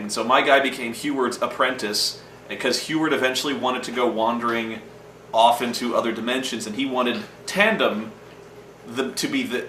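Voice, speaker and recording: A man's voice: medium pitch, sharp tone, a little hiss or hum. A man hosting a show, telling gaming stories in a rambling, profane, casual monologue and acting out the lines he quotes. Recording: roomy echo from a distant mic.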